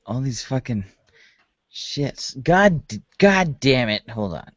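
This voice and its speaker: A man chatting casually on a video call through a new desk mic, relaxed and swearing freely. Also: mid-range voice, slow pace, no room sound, muffled recording. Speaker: guest in an online hangout. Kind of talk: casual chat. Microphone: new desktop mic on a wobbly arm.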